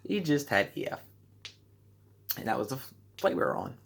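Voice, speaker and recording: A teenage American boy chats to the camera about his trip. His voice sits at an ordinary middle pitch. He rambles through the story, piles on fillers and laughs at his own mistakes. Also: very animated, normal speed, gravelly, husky. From United States. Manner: rambling, self-deprecating, heavy use of "like"; acts out his own reactions in a higher voice. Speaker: vlogger. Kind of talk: casual storytelling vlog.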